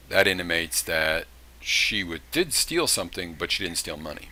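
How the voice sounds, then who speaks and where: A man's voice: low-pitched, expressive, moderate pace, pushed and bright, slight background noise. A man teaching criminal justice in a recorded lecture, talking casually and acting out short examples. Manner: conversational, with acted-out examples and asides.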